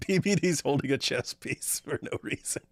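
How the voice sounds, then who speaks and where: A man's voice: on the high side, unhurried. A man hosting a reaction video, chatting casually and laughing often between his remarks.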